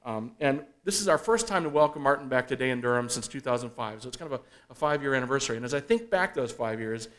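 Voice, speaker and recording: A man with a mid-range voice reads out a prepared introduction for a guest speaker at an event. He stumbles now and then on small fillers but keeps his delivery steady. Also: mid-range voice, fast, hardly any pauses.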